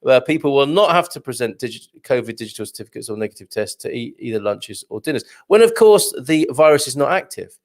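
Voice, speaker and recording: Man, show host, wry and chatty, mid-pitched voice, thinks aloud. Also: animated, quick pace, few pauses. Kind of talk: live show commentary on news.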